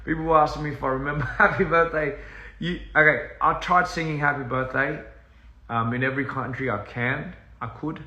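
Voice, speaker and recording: A man's voice: a little high, fairly even intonation, normal speed, bright, forceful tone. A man chatting casually on a phone livestream from inside a house, rambling, easily sidetracked and laughing often. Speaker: touring musician on a livestream. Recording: roomy echo with faint hiss.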